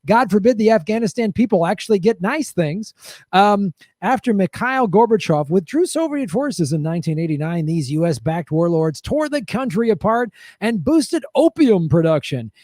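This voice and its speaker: A man's voice: sits high, animated, normal speed, a little mellow, dry recording, clean studio sound. A man co-hosting a podcast, reading facts with sarcastic, profane, mock-cheerful asides in casual comedic chat. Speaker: podcast co-host.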